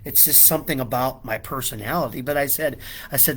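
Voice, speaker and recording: A man's voice: medium pitch, a little fast, a bit bright, breathy edge. A middle-aged man giving a devotional talk, telling a personal story with many stammered restarts and frequent "okay?" checks. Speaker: preacher.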